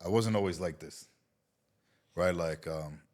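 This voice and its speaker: A middle-aged Israeli man with a low-pitched voice speaks a little slowly as a guest in a casual interview. He tells a story in an animated way, swearing and acting out quotes.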